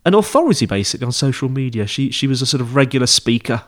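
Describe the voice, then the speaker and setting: A man's voice: mid-range voice, sing-song, rapid-fire. Male podcast host, casual teaching monologue, rambling and self-correcting. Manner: chatty, rambling, with frequent fillers and self-corrections.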